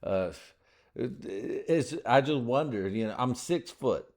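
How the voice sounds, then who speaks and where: A man's voice: mid-range voice, lively intonation, takes it slowly, a little mellow. A man in his thirties hosting a podcast, rambling through a crude casual monologue, swearing and laughing often. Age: 30s. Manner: breaks into put-on voices for bits. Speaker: podcast host.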